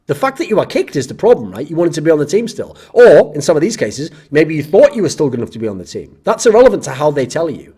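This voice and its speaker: Exasperated male host ranting on comments, husky voice, swings up and down in pitch. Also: sing-song, quick pace, hardly any pauses, dark tone. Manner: sarcastic, exasperated, swears freely. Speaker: esports commentator and channel host.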